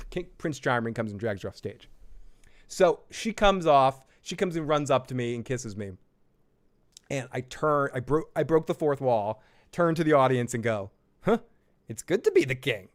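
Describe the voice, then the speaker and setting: A man giving a casual, jokey show recap and telling stories, rambling and swearing freely. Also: mid-range voice. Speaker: TV show reviewer.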